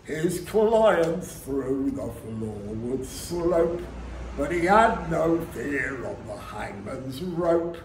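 A man performing a comic music-hall song at a folk club, half singing and half speaking, with theatrical shouted outbursts. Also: mid-range voice, big pitch swings, very slow, slight background noise. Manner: theatrical, with sudden shouted interjections. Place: live folk club room. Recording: echoey room with faint ambience.

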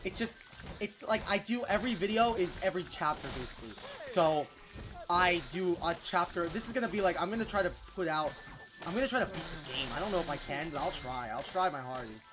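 A gameplay YouTuber giving casual let's-play commentary in an excitable, chatty way, quick to exclaim. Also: mid-range voice, background noise.

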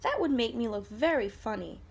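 A woman voicing a kind motherly female bear in a storybook, speaking softly and gently. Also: fairly high pitch, expressive, normal speed, vocal fry, husky, exaggerated voice. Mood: gentle. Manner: soft, gentle and soothing.

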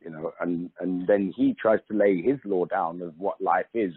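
A deep, slightly rough-voiced middle-aged man speaks at a moderate pace on a dry recording through a phone-like line. He's a talkative, emphatic interview guest in a casual conversation who frequently restarts sentences and says "you know."

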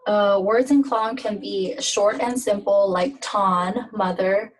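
A woman explains sounds and words in an informal language lesson. She talks at an unhurried, deliberate pace, pausing often and filling gaps with ums. Her voice sits at an ordinary middle pitch. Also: fairly even intonation, soft background music, low-quality recording. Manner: slow, halting, with many fillers. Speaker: language teacher.

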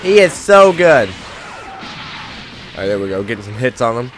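Male let's play host, animated, chatty, prone to frustrated yelling. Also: medium pitch, measured pace, soft background music. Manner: excitable, swings from chatty to loud frustrated outbursts. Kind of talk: casual gameplay commentary.

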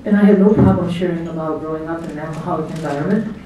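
A middle-aged woman races through a chatty, anecdotal speech as the guest of honor at her party, her voice low and dark. She laughs often and acts out others' words. The audio, taken from far off in an echoey hotel banquet hall, carries a little hiss or hum.

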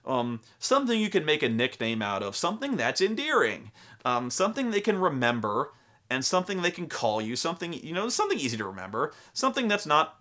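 Here the host is a young adult man whose medium-pitched voice comes across bright and forceful. His casual tabletop RPG talk wanders, curses freely, and leans on acted-out quotes.

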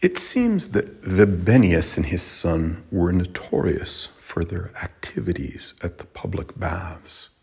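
Deep gravelly man teaching Latin slowly. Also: lively intonation. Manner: slow, careful, with many pauses and fillers. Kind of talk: lesson on Latin pronunciation.

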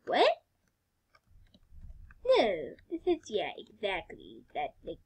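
A young woman playing a video game, excitable, swinging between hushed whispers and loud squeals. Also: high voice, slow. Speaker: gamer. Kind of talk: casual gameplay commentary.

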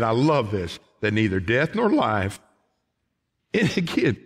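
A middle-aged man preaching a sermon in a church, folksy, calling the congregation folks, swinging from shouted lines to quiet ones. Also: mid-range voice, wildly swooping pitch, takes it slowly, slightly rough. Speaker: pastor. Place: church sanctuary.

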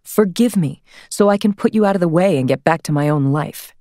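A woman voicing a young woman pleading softly on an answering machine, stretching her vowels almost like singing. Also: on the low side, lively intonation, no echo, clean studio sound, natural voice. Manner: soft, sing-song, drawn-out vowels.

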